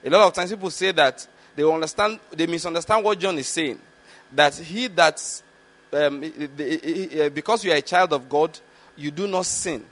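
A man delivers a Bible teaching with a slightly higher-than-average voice. He reads scripture slowly and deliberately, then breaks off to explain and asks his listeners whether they are following. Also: a bit bright. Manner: slow, deliberate reading of scripture with explanatory asides; repeatedly checks understanding with the listeners. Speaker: preacher.

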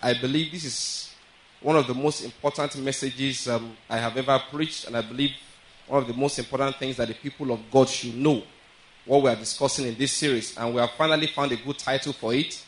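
A man preaching a sermon as pastor. He reads scripture aloud slowly and keeps checking in with his listeners. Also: mid-range voice, fairly even intonation, a little hiss or hum, rough recording.

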